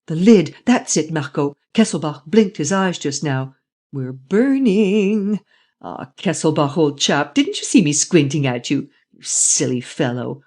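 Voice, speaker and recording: A man voicing a suave, mocking gentleman thief who is excitable and quick to laugh. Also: on the high side, lightly acted. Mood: triumphant.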